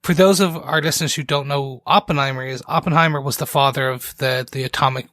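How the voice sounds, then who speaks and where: A man's voice: mid-range voice, fairly even intonation, quick pace, pushed and bright, dry recording. A man hosting a TV recap podcast in casual chat, talking eagerly and jumping between points with many restarts. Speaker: podcast host.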